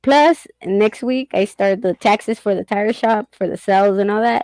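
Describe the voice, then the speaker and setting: Speaking at medium pitch and a moderate pace, a middle-aged host chats candidly, laughing and swearing frequently. Her slightly mellow voice comes through a dry, rough recording.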